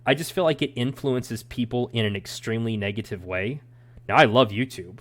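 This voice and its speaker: A man's voice: medium pitch, brisk. A young adult man co-hosting a podcast, giving his opinions in a rambling, ranting casual chat. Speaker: podcast co-host.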